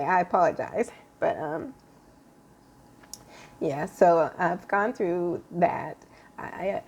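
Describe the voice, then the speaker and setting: Low-voiced woman, halting personal vlog. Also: darkish tone. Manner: halting, with many fillers and restarts; earnest, confiding tone. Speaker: vlogger sharing a health update.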